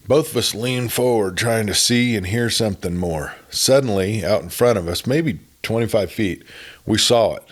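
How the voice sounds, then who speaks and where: A man narrating a spoken story in a folksy, unhurried way. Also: lowish voice. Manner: folksy, unhurried, starts sentences with "well".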